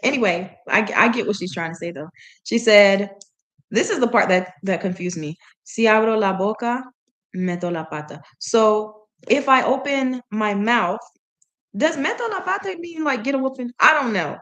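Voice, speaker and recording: A woman's voice: mid-range voice, expressive, normal speed, fairly bright tone. A woman practicing reading aloud in a language she is learning, chatting as she goes, often laughing and stopping to puzzle over words. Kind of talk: casual reading practice with commentary.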